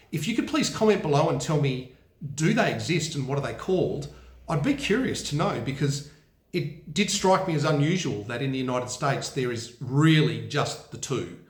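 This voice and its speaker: A man with an Australian accent talking casually to his viewers. He muses aloud, corrects himself as he goes and often asks viewers for answers. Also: a little high. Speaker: vlogger. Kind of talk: casual unscripted vlog talk. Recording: roomy echoey room.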